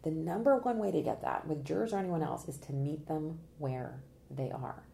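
A woman's voice: low voice, normal speed, creaky, a little hiss or hum. A woman trial consultant giving an interview, talking with energy, laughing and acting out what jurors say. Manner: energetic, animated, acts out quotes with laughs. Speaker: trial consultant and presentation coach. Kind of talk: podcast interview guest.

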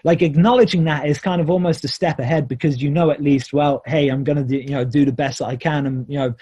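A man's voice: on the high side, steady tone, fast talker, mellow, husky, lo-fi sound. A man, a pro wrestler, talking casually on a podcast, reflective and rambling with many fillers.

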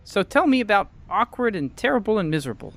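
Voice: medium pitch, big pitch swings, quick pace, fairly bright tone. An actor playing a teasing, folksy young man.

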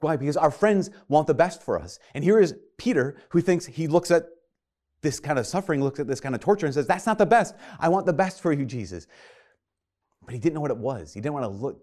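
A man delivers a sermon to people watching and praying along. He talks in an earnest, conversational way and acts out scripture dialogue as he goes. His voice sits at an ordinary middle pitch. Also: dark tone. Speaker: preacher.

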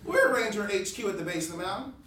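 An actor playing a crude, boastful male park ranger who talks loudly and excitably. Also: high voice, fast, a loud crowd. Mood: brash. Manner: loud, brash and excitable. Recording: roomy, distant-mic recording.

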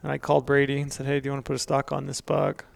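Very gravelly, flat-voiced man. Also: mid-range voice, dry recording. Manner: flat, halting, self-deprecating. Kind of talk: casual chat.

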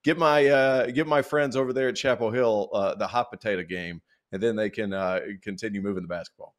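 A man's voice: on the low side, fairly even intonation, fairly quick. A man with a Southern accent giving loose, rambling basketball takes on a podcast, joking as he thinks aloud. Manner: rambling, joking, self-correcting. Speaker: basketball analyst. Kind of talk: casual sports chat.

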